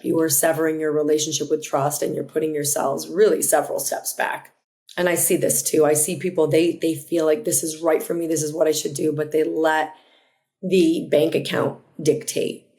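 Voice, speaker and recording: A woman hosting a solo motivational podcast, talking earnestly and reflectively, often restarting a phrase or adding a quick aside. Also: low-pitched, darkish tone. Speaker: podcast host.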